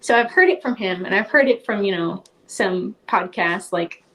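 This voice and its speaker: A woman's voice: medium pitch, animated, normal speed, fairly bright tone. Chatty young woman telling her story. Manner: chatty, heavy use of "like", laughs often. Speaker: podcast guest. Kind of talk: casual interview storytelling.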